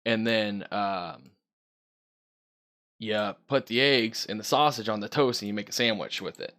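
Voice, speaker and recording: A man's voice: fairly low pitch, measured pace. A man co-hosting a casual podcast, easygoing and rambling with lots of fillers. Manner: easygoing, rambling with many fillers, soft laughs. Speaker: podcast co-host. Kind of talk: casual chat.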